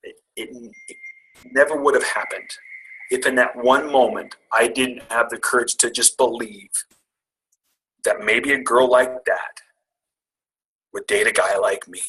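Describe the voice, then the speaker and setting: A middle-aged man with a bright, forward tone tells a personal story in a candid, self-deprecating way. He builds it toward a motivational point, speaking at an even, medium pitch. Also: measured pace, long pauses, rough recording. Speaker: guest speaker. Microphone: call audio.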